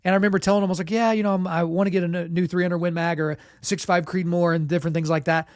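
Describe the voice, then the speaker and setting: A man with a sore, sick throat, casually telling a story as podcast host, relaxed and self-deprecating with lots of "you know" and "like". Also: high-pitched, rapid-fire, no echo, studio quality.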